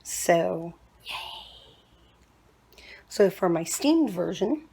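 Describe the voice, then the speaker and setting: Chatty woman home cook, mid-pitched voice, self-mocking asides, kitchen vlog, faint background hum. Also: unhurried, darkish tone. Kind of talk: casual cooking vlog.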